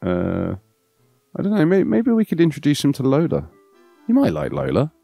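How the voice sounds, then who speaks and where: A man's voice: fairly high pitch, huge pitch swings, normal speed, creaky, dark tone, breathy edge, dry recording, soft background music. A man hosting a let's play, chatting playfully and thinking aloud as he goes. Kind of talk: casual gameplay commentary.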